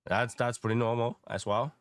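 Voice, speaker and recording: Man host, calm, measured, reassuring, dry close recording. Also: medium pitch, clear, resonant tone, no echo. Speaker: panel host. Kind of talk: casual chat.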